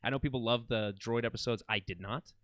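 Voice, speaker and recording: A man with a smooth, resonant voice rambles through an eager recap of a TV show on a podcast. He keeps backing up and rephrasing as he goes. The sound is dry and close. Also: mid-range voice, fairly quick, fairly bright tone, no echo. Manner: rambling, enthusiastic, many restarts. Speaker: podcast co-host. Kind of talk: casual film and TV chat.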